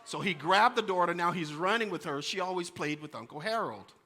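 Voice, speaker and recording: A male pastor telling animated stories in a sermon and talking straight to his congregation. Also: sits high, a little fast, big-room sound. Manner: storytelling, animated, addresses congregation. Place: church sanctuary.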